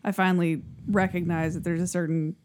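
A woman's voice: lowish voice, little pitch movement, a little fast, a little mellow. A woman co-hosting a podcast, chatting casually in a teasing way and laughing often. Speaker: podcast co-host. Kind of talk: casual chat.

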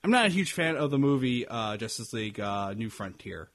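A man co-hosting a casual review podcast, speaking haltingly with frequent restarts and "uh"s. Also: medium pitch, big pitch swings, a bit bright. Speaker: podcast co-host.

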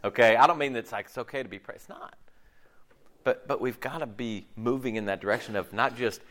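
A middle-aged man preaching a casual, conversational sermon, chatty and animated, with slangy asides and frequent restarts. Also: mid-range voice, fairly quick. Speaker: pastor.

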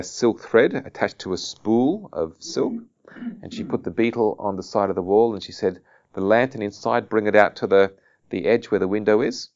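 A male meditation teacher giving a gentle, soft-spoken dharma talk and telling a story along the way. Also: low voice, dull audio.

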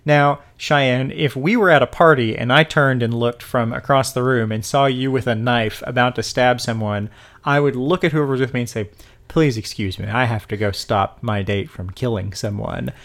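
An animated man co-hosting a casual film chat, with a voice sitting mid-low for a man. He retells scenes with energy and slips into characters' lines as he goes. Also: moderate pace, gravelly. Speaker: podcast co-host.

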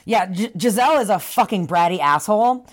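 A woman casually recapping a story with a friend, her pitch rising and falling in a very lively way. She fills her talk with "like" and drops blunt, sarcastic, profane asides. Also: a little fast. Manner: animated, acts out quoted characters, frequent "like" fillers. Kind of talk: casual chat recapping a book.

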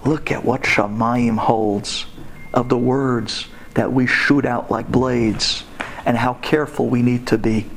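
A man giving a sermon-style storytelling talk to women, animated and emphatic, with pitch swinging sharply up and down. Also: slow pace, gravelly, slight background noise.

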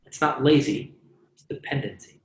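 A man's voice: medium pitch, moderate pace. Conversational male preacher, roomy sound. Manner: conversational, asks the crowd "right?" often, jokes and laughs. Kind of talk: sermon. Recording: roomy echo.

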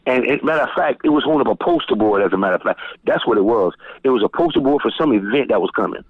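Animated man on a phone line. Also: racing. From Florida. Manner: animated, profane, jumps high when quoting people. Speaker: guest DJ. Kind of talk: casual storytelling interview. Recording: tinny phone-line sound, dry.

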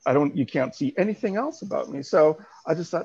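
A middle-aged man, podcast co-host, telling a story in casual chat with animated swearing and frequent laughing. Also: medium pitch, a little fast, gravelly, hardly any pauses, husky. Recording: dull lo-fi podcast audio.

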